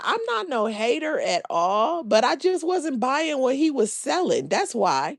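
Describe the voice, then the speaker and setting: A woman's voice: high-pitched, big pitch swings, measured pace, vocal fry, hardly any pauses, dry recording, studio quality. A woman hosting a live reaction stream, talking bluntly and sassily in slang. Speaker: livestream reaction host. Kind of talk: casual live reaction commentary.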